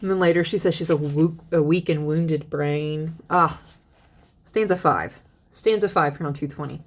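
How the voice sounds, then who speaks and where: A young woman teaching a literature lesson in a chatty, lively way, reading poems aloud and paraphrasing them. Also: deep voice, moderate pace. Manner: chatty, animated paraphrasing with laughs. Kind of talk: casual lecture with poem readings.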